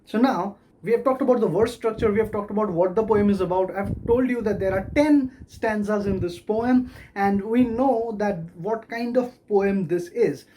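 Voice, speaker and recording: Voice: medium pitch, normal speed, hardly any pauses, dark tone, slight background noise. A lecturer giving a recorded video lesson on poetry, patiently explaining and tapping out the stressed beats of verse aloud. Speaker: literature lecturer.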